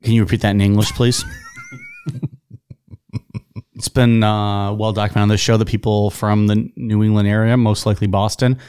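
A man's voice: lowish voice, level tone, normal speed, long pauses, darkish tone, smooth. A man with a southern Ohio accent co-hosting a podcast, rambling and laughing often in casual banter. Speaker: podcast co-host.

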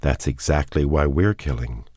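Guy reading a cool detached woman, calm and measured, deep dry voice. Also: slightly rough, dry recording. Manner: calm, measured, matter-of-fact.

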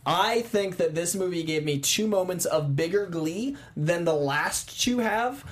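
A man hosting a live call-in show, chatting excitedly about a movie. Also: sits high, unhurried. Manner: excitable, enthusiastic. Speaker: host. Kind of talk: casual movie review chat.

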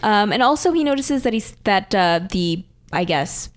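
A woman's voice: mid-range voice, lively intonation, moderate pace. A chatty woman co-hosting a podcast, recapping an episode at an easy pace. She rambles and fills her talk with ums and likes. Now and then she slips into the characters' lines. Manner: rambling, lots of fillers, acts out characters' lines. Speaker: podcast co-host. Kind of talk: casual chat recapping an anime episode.

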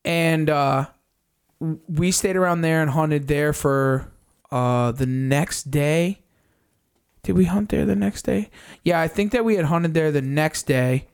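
A young man on a podcast, casually recounting a hunt in animated detail, swearing often and acting out his own reactions. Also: on the high side, unhurried, gravelly, smooth. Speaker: podcast co-host. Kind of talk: casual storytelling recap.

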